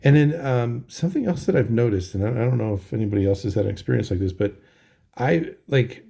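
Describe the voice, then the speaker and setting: A middle-aged man talking casually in a halting video diary, tired and full of ums and restarts. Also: medium pitch, expressive, vocal fry, warm tone, breathy edge. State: tired, yawning. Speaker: vlogger.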